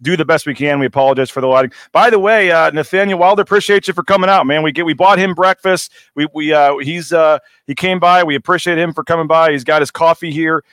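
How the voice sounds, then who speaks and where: An American man co-hosting a sports show, rattling along quickly and filling the gaps with "uh." His voice sits a bit high for a man, and the sound is dry and close. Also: fairly bright tone, no room sound. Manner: fast, loose, with lots of "uh" fillers. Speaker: sports reporter co-host. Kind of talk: casual sports talk.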